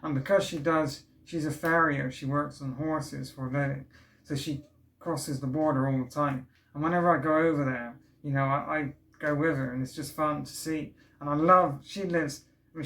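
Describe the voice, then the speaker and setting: A man's voice: on the high side, fairly bright tone. A man hosting a casual vinyl unboxing vlog, chatty and enthusiastic, often trailing off and restarting. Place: indoors at home, street works outside. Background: faint building work noise from outside.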